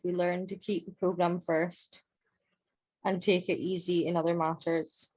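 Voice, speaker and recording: A woman reading a passage aloud at a steady, measured pace. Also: medium pitch, poor audio.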